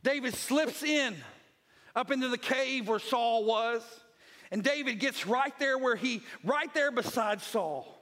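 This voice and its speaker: A man with a strikingly high voice preaches a Sunday sermon. He tells scripture stories vividly and drives each point home by repeating short phrases. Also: unhurried, a bit bright. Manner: retells scripture as vivid storytelling. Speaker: pastor.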